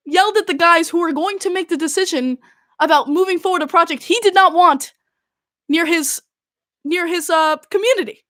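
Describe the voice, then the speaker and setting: A woman's voice: sits high, fairly quick, dry recording, clean studio sound. A young woman, hosting a podcast and retelling events in a casual, exasperated way with lots of "like". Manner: animated, exasperated storytelling full of "like". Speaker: podcast host. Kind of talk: casual recounting.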